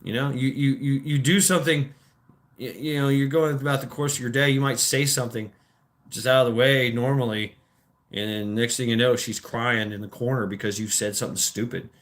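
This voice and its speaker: A man's voice: medium pitch, fairly even intonation, a little fast, a bit bright. A man chatting on a livestream, wandering from point to point with confident opinions. He stumbles and repeats himself as he goes, dropping casual profanity along the way. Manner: rambling, opinionated, stammering restarts; crude, swears freely. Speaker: livestream host.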